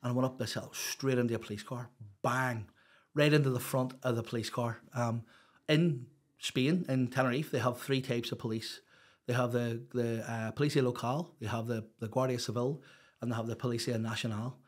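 A Northern Irish man of medium pitch, speaking at normal speed with a steady tone, appears as a podcast guest. In a casual storytelling interview he tells his life story in a rambling, open way, full of "you know."

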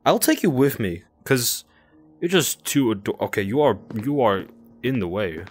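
A young man giving casual commentary while he plays a game, excitable and cooing at a creature in baby talk. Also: mid-range voice, normal speed, slight background noise. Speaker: gaming video creator.

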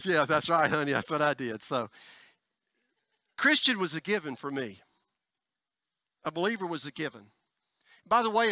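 A pastor preaching a conversational sermon, checking in with "folks" and "all right?" and tossing in joking asides. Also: male voice, sits high, bright, forceful tone, dry recording. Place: church sanctuary.

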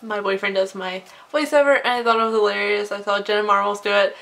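A woman's voice: mid-range voice, steady tone, quick pace, creaky, a bit bright. A young woman vlogger signing off her video cheerfully and chattily. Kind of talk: casual vlog sign-off.

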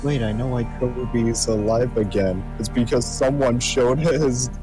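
A laid-back man tosses out joking comments while playing a game on stream. He talks slowly and easily, with faint game music underneath. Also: mid-range voice, poor audio.

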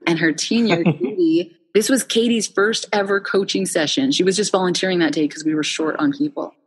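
Husky-voiced woman telling animated stories. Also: fairly low pitch, fairly quick, in a large hall. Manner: animated storyteller, many restarts and fillers. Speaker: founder and interview guest. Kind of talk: casual conversational interview.

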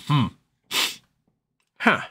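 Very slow and sharp-toned, this man hosts a casual live stream full of rambling and jokes. He reads the chat aloud and talks to his dog in a high baby voice.

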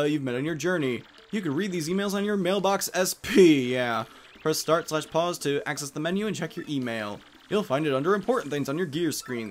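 A man hosting a let's play, who chats casually, jokes about the game and reads its text aloud. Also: a little high. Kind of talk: gameplay commentary.

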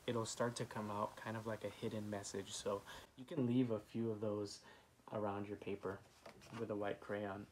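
A low-voiced man leads a children's art lesson, patient and encouraging as he talks through each step. He fills pauses with "um" while he draws. A faint hiss sits behind his voice. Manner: gentle, encouraging, many "um" fillers. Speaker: art teacher.

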